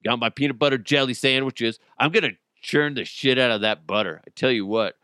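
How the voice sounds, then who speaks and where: Profane joking podcast host. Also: male voice, medium pitch, a little fast, sharp tone, clean tone, no echo, clean studio sound. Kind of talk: casual solo podcast chat.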